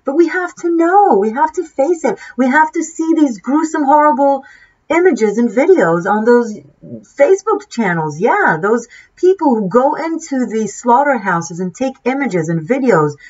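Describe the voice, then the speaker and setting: A woman's voice: sits high, lively intonation, moderate pace, a little mellow, husky. A woman tarot reader giving an impassioned, preachy monologue, swearing freely and restarting her sentences often. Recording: dull lo-fi sound.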